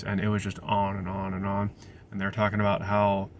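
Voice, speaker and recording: A man's voice: on the low side, completely flat delivery, fairly quick, slight background noise. A young man, a restaurant server, casually telling a rambling story full of restarts and digressions.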